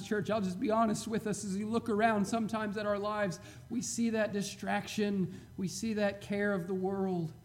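A man preaching a sermon to his church, fervent and emphatic, swinging from loud to quiet and chuckling between points. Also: a little high. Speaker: pastor.

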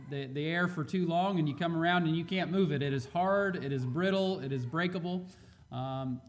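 A male pastor preaching a sermon with a scratchy, hoarse voice from a cold, speaking in a measured way with frequent fillers. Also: medium pitch.

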